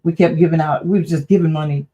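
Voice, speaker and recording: A woman's voice: deep voice, fairly even intonation, quick pace, mellow, highs cut off. A middle-aged woman, hosting a livestream and talking in a frank, rambling way with a bit of cussing. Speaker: livestream host. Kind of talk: casual livestream chat.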